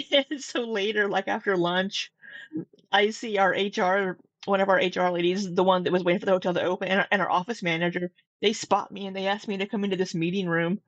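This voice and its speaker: A woman's voice: mid-range voice, fairly even intonation, fairly quick, dry recording. A woman telling a story in a casual vlog, chatty and full of "like" with frequent laughs. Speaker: vlogger. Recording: dull lo-fi dry sound.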